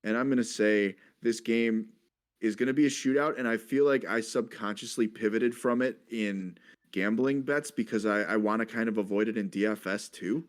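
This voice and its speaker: A man's voice: fairly low pitch, normal speed. A man hosting a casual sports betting chat, leading the talk and reeling off statistics. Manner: leads the segment, reels off stats. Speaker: host.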